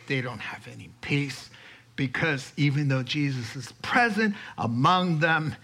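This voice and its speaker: A man preaching a sermon, animated, acting out quoted voices and chuckling as he teaches. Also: mid-range voice, gravelly, breathy edge. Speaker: pastor.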